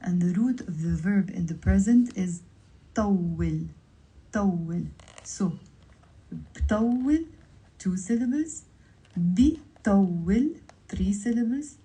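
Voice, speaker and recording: A woman with a Lebanese accent teaching vocabulary on a livestream, pronouncing each word slowly and carefully, then repeating it. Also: medium pitch, animated, mellow, low-quality recording. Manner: slow, careful word-by-word pronunciation drills.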